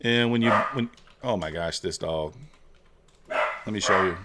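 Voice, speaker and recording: A man hosting a casual trading livestream, chatting with viewers and reading their messages in a relaxed way. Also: lowish voice, unhurried, heavy background noise.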